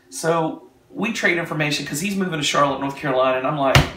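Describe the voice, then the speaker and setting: Homme au ton animé, voix assez haute, salle qui résonne. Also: male voice, fairly high pitch, a little hiss or hum. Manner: animated, fast retelling with acted quotes. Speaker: speaker giving a testimony. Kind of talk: animated storytelling testimony. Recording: echoey room, mic far off.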